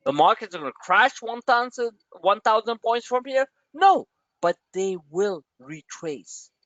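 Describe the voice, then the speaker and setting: Brief: male trading host, loose and jokey, somewhat high voice, dry, slightly muffled audio. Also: measured pace, no room sound. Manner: rambling, joking, animated. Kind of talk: livestream market commentary.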